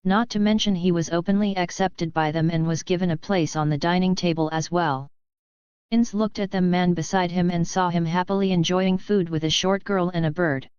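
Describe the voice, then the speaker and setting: A woman's voice: on the low side, normal speed, smooth, no room sound. Mechanical female narrator for a webnovel audiobook; dry, dull lo-fi sound. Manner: even, mechanical reading, even asterisks read aloud.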